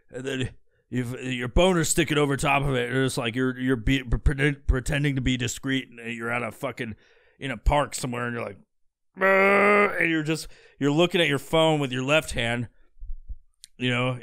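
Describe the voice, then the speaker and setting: A man's voice: mid-range voice, gravelly, fairly bright tone. A man hosting a crude comedy podcast, ranting profanely and acting out voices mid-story. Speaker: podcast host.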